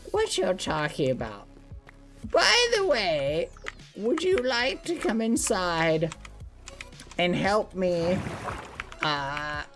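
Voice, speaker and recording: A man voicing a sly, cackling old witch woman in a high, quavering, sweet-talking voice. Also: full character voice.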